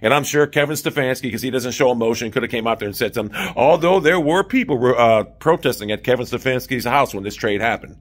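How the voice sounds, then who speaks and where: A man's voice: medium pitch, expressive, quick pace, hardly any pauses. A man delivering an opinionated solo sports commentary, emphatic and self-assured, repeating his main point.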